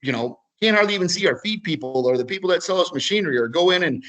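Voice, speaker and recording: In a video webinar with poor audio, a man with an Upper Midwest American accent tells a story casually, repeating words and acting out both sides of a conversation. His voice is high-pitched, expressive, and a bit bright, and he talks fast.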